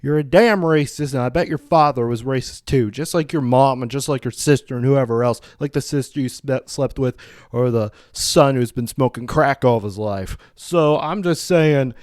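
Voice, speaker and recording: A man's voice: mid-range voice, moderate pace, a little mellow, dry recording, studio quality. A man hosting a solo podcast, reading out news and then ranting in a heated, profane, outspoken way, rambling with many restarts. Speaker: podcast host.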